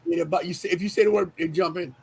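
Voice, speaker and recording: Podcast host, man, high-pitched, animated storyteller, casual chat. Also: quick pace, vocal fry, a little hiss or hum, low-quality recording. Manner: animated, exclamatory anecdotes.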